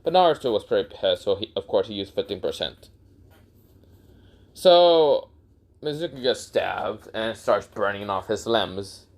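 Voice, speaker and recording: A man's voice: fairly low pitch, expressive, measured pace. A man casually retelling an improvised fan story, rambling with fillers and correcting himself as he goes.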